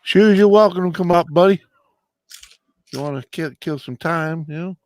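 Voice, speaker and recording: A man's voice: fairly high pitch, moderate pace, a little mellow. A man hosting a casual late-night live chat, laid-back and drawling, greeting viewers by name while coming down with a cold. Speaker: live stream host.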